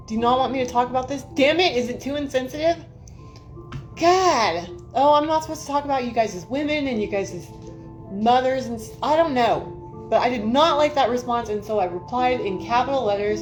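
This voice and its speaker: A woman's voice: mid-range voice, darkish tone. A woman hosting a casual livestream, telling rambling stories, swearing freely and talking to her viewers by name. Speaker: livestream host. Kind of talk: casual livestream chat and storytelling.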